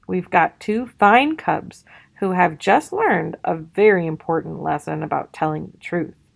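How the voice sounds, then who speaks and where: A loving mother bear from a picture book, calm and reassuring, as a woman reads her part. She speaks slowly and warmly, with a slightly gravelly tone. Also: fairly low pitch, full character voice.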